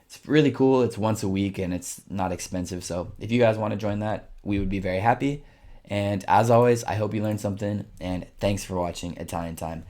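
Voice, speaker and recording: Man, fairly low voice, casual Italian lesson, slow patient explanations, repeats phrases. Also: dark tone. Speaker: Italian language teacher.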